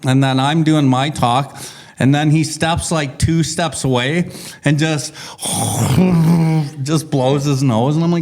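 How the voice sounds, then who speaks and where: A man talks through a recovery study in a loose, rambling way, swearing as he goes. His voice sits a little high for a man. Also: measured pace, a little mellow. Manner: swears freely, rambling storytelling. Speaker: podcast co-host. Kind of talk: casual recovery group discussion.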